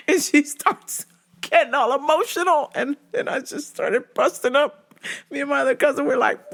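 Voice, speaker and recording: A podcast host with a very high-pitched, fairly bright voice tells stories casually at a moderate pace. His monologue is loose, with free swearing and laughter at his own jokes.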